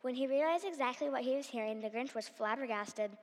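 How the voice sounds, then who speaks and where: Brief: female storyteller reading aloud, animated, reverberant hall. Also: sits high, fairly quick.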